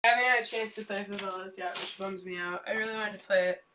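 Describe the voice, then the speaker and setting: A young woman streaming herself unpacking board games in casual chat, excitable and prone to trailing off mid-sentence. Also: mid-range voice, quick pace, distant mic, very noisy.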